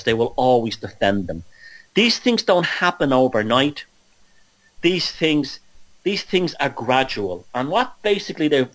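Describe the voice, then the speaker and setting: A man's voice: mid-range voice, a bit bright, no echo. A man, drowsy from antihistamine, hosting a blunt, mocking rant full of restarts. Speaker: host. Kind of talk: ranting monologue.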